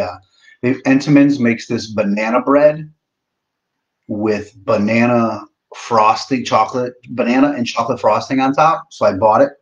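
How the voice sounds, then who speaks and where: Young guy hosting a live stream, swears a lot, jokey and self-mocking, talking with food in his mouth, kinda muffled lo-fi sound. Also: fairly low pitch. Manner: joking, profane, self-mocking; talking while eating. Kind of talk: casual live-stream chat. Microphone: laptop mic.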